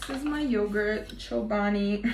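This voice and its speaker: A woman's voice: mid-range voice, unhurried. A young woman vlogging in a casual, confessional way, chatty and self-mocking, swearing freely. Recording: echoey room with faint ambient noise.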